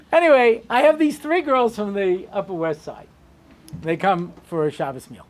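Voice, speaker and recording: A man's voice: sits high, measured pace, pauses often, a faint crowd, slight background noise. A man who is a rabbi, giving a humorous lecture and telling stories with acted-out dialogue. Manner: animated joking storyteller who acts out dialogue.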